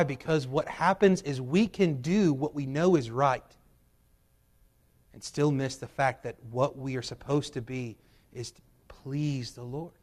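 A man preaches from the pulpit of a church, his voice set a little high for a man. His delivery is emphatic, climbing to loud, urgent peaks and then falling back to quiet, low drops. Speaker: pastor. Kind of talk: sermon. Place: church sanctuary.

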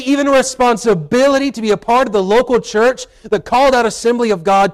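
A man preaching from a church pulpit, his voice sitting notably high for a man. He talks in a folksy way, slipping into quoted asides and moving between teaching and prayer. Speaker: pastor. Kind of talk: sermon. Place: church sanctuary.

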